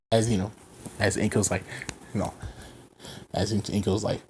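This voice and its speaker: A man's voice: on the low side, flat delivery, moderate pace, long pauses, a little mellow, slight background noise. A man narrating an improvised fan story, rambling and filling gaps with fillers.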